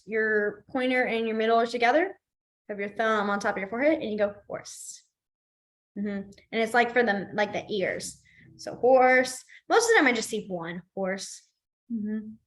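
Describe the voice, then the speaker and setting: A woman's voice: a little high, a bit bright. Chatty woman teaching a class. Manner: chatty, self-deprecating, repeats each sign name slowly. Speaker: sign language teacher. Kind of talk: live class instruction. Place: library classroom.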